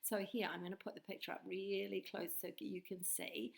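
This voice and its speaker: A woman teacher, leading a patient, clearly spoken lesson for young children with sing-song bursts. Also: medium pitch, little pitch movement, normal speed, few pauses. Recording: echoey room.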